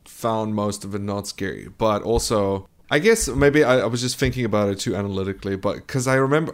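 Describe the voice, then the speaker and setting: Man chatting analytically on a podcast. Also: mid-range voice. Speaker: podcast co-host. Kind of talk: casual chat.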